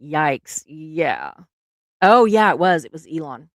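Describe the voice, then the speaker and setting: A woman's voice: sits low, very animated, slow pace, no room sound, studio quality. A middle-aged woman, hosting a casual live stream, chatty and laughing often, trailing off mid-sentence.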